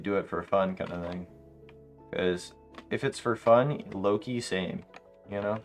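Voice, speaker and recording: A young man streaming a game late at night, chatting casually to his viewers and telling animated, slangy stories. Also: on the low side. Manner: animated storytelling, slangy, laughs often. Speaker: live streamer. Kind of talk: casual livestream chat while gaming.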